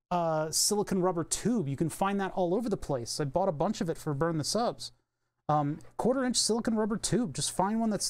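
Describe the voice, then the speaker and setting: A man chatting casually on a live stream while soldering at his electronics bench, rambling and thinking aloud with offhand swearing. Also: a little high. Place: home electronics workbench.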